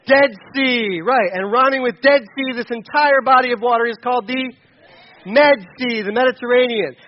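A man's voice: extremely high pitch, dull audio. A man teaching an interactive Bible lesson, coaxing listeners to fill in the answers.

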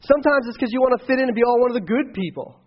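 A man in his thirties, a youth pastor, preaching to teenagers in a casual, rambling way, restarting sentences and telling a story with shouted bursts. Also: very high-pitched, rapid-fire. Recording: dull lo-fi recording.

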